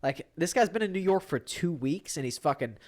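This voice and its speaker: A man's voice: fairly high pitch, expressive, a little fast. A man co-hosting a casual podcast chat, telling stories with lots of swearing and laughter. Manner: profane, laughing storyteller who mimics others. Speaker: podcast co-host.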